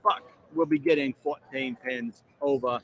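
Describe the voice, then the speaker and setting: A man's voice: medium pitch, fairly even intonation, normal speed. A man hosting live bowling commentary from a booth at a bowling alley, joking around as he reads out the matchups. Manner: jokey, drops into a mock British accent. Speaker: tournament commentator and show host. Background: music playing.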